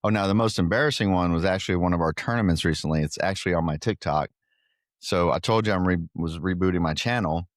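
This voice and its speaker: A middle-aged man with a very low, deep voice, chatting easily as a podcast guest and poking fun at himself. He grew up in Guatemala. His voice sits close and dry, with no room sound. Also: quick pace, no echo. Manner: jokey, self-deprecating storyteller. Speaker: podcast guest, pickleball club owner. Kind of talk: casual interview chat.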